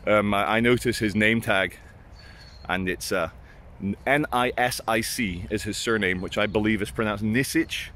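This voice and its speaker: A man's voice: fairly low pitch, steady tone, moderate pace, bright, forceful tone. A man telling blunt, self-mocking stories outdoors in casual vlog style and swearing freely. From Britain. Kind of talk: casual storytelling. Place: outdoors at sunrise.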